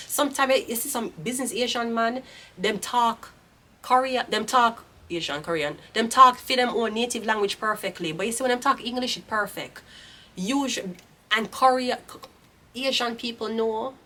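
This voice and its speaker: Jamaican woman tarot reader, bright and forceful, blunt rambling talk with cursing. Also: mid-range voice. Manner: blunt, profane, rambling opinion. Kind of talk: casual monologue.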